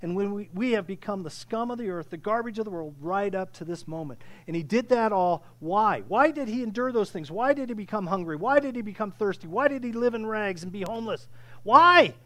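A man preaching a sermon with impassioned delivery, often restarting phrases and building to loud peaks. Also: sits high, a little fast, few pauses. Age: older. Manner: impassioned, rising to near shouting, with frequent restarts. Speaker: pastor.

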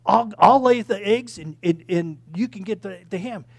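A man voicing a kindly male chicken in a joke he tells, earnest and quick to offer help. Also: high-pitched, voice pushed up. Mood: concerned, eager.

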